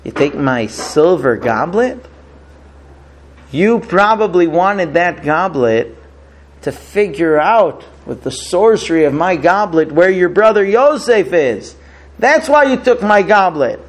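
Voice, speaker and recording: Guy doing a stern bossy ruler in a story, measured, kinda high voice but pitched down a bit. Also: very animated, full character voice. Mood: accusing. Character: stern powerful male viceroy, commanding ruler.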